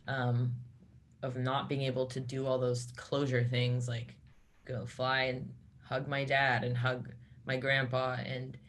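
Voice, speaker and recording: Her pitch extremely low, a metal band's female singer relates a personal story during a casual interview, stumbling and starting over again and again.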